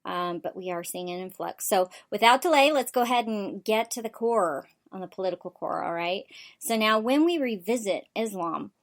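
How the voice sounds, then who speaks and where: A woman hosts a political talk show from the United States, rushing through an opinionated monologue. Her talk is quick and packed with ums, uhs and restarts as she presses her points. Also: medium pitch, animated. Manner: rapid with frequent fillers and restarts.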